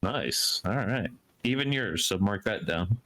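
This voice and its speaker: Slow, low-voiced man running the game. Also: animated, sharp tone, slight background noise, low-quality recording. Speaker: game master. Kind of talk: narrating a tabletop game.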